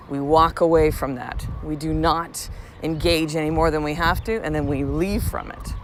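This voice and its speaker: A woman's voice: low-pitched, normal speed, slight background noise. Blunt, profane woman hosting a podcast. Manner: blunt and profane, animated storytelling. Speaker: podcast host. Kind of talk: casual solo podcast monologue.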